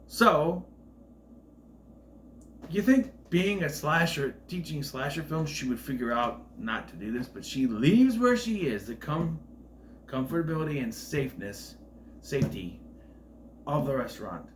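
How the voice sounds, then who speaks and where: A man giving a casual spoiler review of a film, retelling scenes in an animated, profane way. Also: a little high, measured pace, pauses often, slight background noise.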